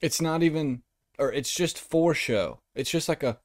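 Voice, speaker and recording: A man's voice: a little high, moderate pace, no echo, studio quality. A man hosting a podcast, delivering a profane, mocking comedic rant. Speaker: podcast host.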